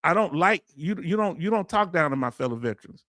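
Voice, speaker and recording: A man's voice: on the high side, animated, brisk, fairly bright tone, dry recording, studio quality. A middle-aged man, hosting a casual livestream and ranting bluntly while answering chat. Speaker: veteran livestream host.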